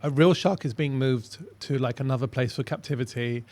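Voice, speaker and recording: A man's voice: mid-range voice, brisk. A man, a comedian, telling funny stories in a casual chat and jumping into voices for the punchlines. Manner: animated, jumps into voices for punchlines. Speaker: comedian guest. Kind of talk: casual chat, comic storytelling.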